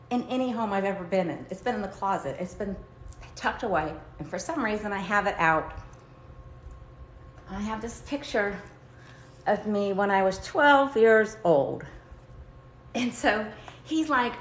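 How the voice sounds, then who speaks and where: A woman hosting a livestream, telling a faith-based personal story with high energy and acting out the dialogue. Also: slight background noise. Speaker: livestream host. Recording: roomy, echoey room.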